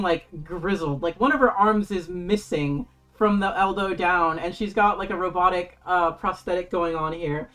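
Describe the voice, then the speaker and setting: A woman game master running a tabletop game on stream, excitable and casual, cursing freely. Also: medium pitch.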